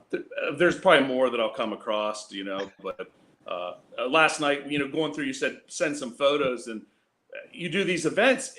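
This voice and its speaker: A man's voice: a little high, a bit bright. A man who races cars, telling a rambling, self-mocking road story with laughs over a video call. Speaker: guest drag racer.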